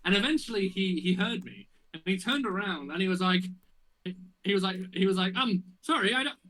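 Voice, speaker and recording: A young male podcast co-host with a bright, slightly high voice. He talks casually and tells stories animatedly, stacking up fillers and restarts as he goes. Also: a little fast, rough recording. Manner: animated storytelling with many fillers. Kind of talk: casual chat.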